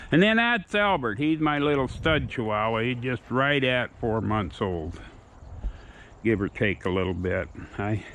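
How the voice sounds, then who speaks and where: A man's voice: mid-range voice, a bit bright, slight background noise. A plainspoken, folksy man chatting casually outdoors while working with his dogs. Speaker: dog owner and trainer. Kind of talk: casual vlog chat.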